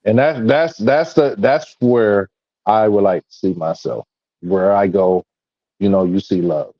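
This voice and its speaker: A man in casual spiritual chat, speaking haltingly and backing others with frequent murmurs of agreement. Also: fairly low pitch, no room sound, dull audio.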